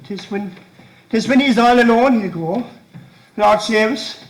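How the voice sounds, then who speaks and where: An actor playing an odd, brooding young Irish countryman who repeats himself when frightened, on stage. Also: high-pitched. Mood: fearful. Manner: halting, repeats words, fearful. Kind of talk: amateur stage play. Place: stage in a hall. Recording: echoey hall from far off.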